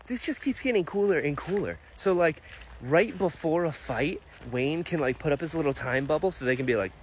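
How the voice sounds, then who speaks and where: A man's voice: medium pitch, slight background noise. A man casually reacting to a fantasy novel he is reading, enthusiastic and chatty. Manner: enthusiastic, animated, many fillers. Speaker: book vlogger. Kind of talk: casual book reaction vlog.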